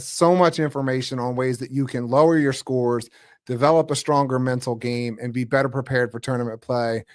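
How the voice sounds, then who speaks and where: A man's voice: mid-range voice, no echo, clean studio sound. A man hosting a golf podcast, thanking his guest and wrapping up the show in an upbeat, promotional way. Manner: upbeat, promotional wrap-up host talk. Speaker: podcast host. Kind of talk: casual podcast interview.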